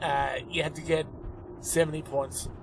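Australian male comic in his fifties, slightly high voice, loose rambling storyteller, street traffic behind. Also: level tone, normal speed. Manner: rambling storyteller, lots of fillers. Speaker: comedian podcast co-host. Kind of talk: casual chat.

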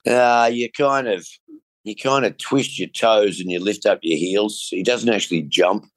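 A man's voice: fairly low pitch, unhurried, no echo. A man chatting casually about his week, rambling with lots of fillers. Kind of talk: casual chat.

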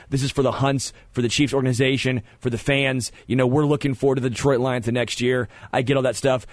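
A man hosting sports talk radio, animated and opinionated, often stammering as he restarts a thought, on a close studio mic. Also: mid-range voice, no echo.

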